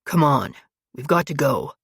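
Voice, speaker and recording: A commanding crime boss, put on by a woman narrator, speaking in low, clipped orders. The voice is husky and close-miked in a dry space, with a storybook reading feel. He sounds like a man who expects to be obeyed. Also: lively intonation, unhurried, no room sound, exaggerated voice. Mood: curt. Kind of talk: audiobook character voice.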